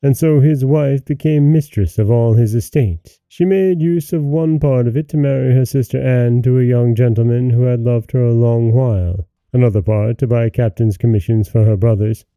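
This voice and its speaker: Male storyteller, measured fairy-tale narration, low and gravelly. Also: steady tone, mellow, dry recording. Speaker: host and storyteller.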